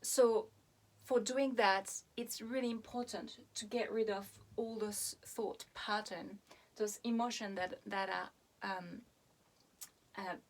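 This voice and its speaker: A middle-aged woman with a French accent, a hypnotherapist giving an earnest self-help talk, pausing often with fillers and restarts. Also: medium pitch, fairly even intonation.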